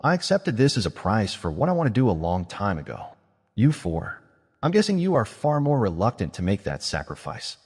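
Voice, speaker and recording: A man doing a cool, scheming mage with a lively voice. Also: lowish voice, breathy edge, big-room sound, heavily acted. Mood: calm. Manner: measured, reasoning tone. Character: calm scheming male mage, coolly persuasive.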